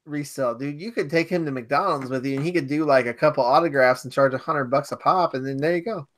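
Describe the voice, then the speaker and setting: A man's voice: fairly high pitch, quick pace, fairly bright tone. A man chatting eagerly in a casual conversation. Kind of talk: casual chat.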